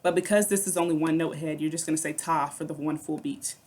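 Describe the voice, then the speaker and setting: A woman's voice: sits low, steady tone, fast talker, a little mellow. A woman music teacher explaining rhythm syllables in a recorded lesson, patient and step by step, checking in with "okay".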